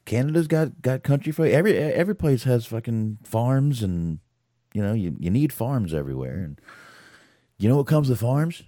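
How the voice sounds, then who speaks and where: A man's voice: medium pitch, animated, normal speed, warm tone, no room sound, studio quality. A man co-hosting a casual chat show, talking loosely with frequent swearing and repeated words. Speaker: podcast co-host.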